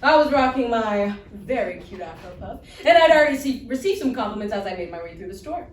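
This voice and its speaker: High pitched lady telling stories live on stage, super expressive, mic far off. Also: a little fast, a little hiss or hum. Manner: animated, playful storytelling. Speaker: stage reader. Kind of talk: readers theater storytelling. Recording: roomy stage sound from a distant mic.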